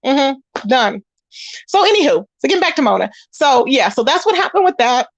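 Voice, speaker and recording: A woman hosting a casual commentary channel, animated and sassy, talking straight to her listeners about online drama. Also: high voice, moderate pace, no room sound. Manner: animated and sassy, calls listeners y'all and baby.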